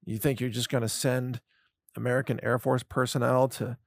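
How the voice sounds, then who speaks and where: A man's voice: mid-range voice, little pitch movement, moderate pace, gravelly, no room sound. Sarcastic male commentator, dry close mic. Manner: sarcastic, mocking, with scoffing laughs. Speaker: political commentator. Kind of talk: solo commentary monologue.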